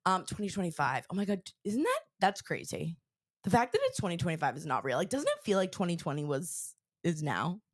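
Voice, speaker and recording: Podcast co-host, young woman, lower voice, chatty and excitable, dry close mic. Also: a little fast, no room sound. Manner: chatty, lots of "like" fillers, excitable. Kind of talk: casual storytelling chat.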